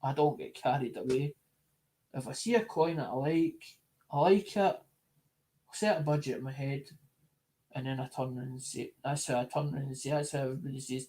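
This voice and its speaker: A man's voice: mid-range voice, darkish tone. A man talking casually to his supporters, rambling and often repeating or restarting his phrases. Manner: talks to supporters in an unhurried, chatty way. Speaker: coin collector vlogger.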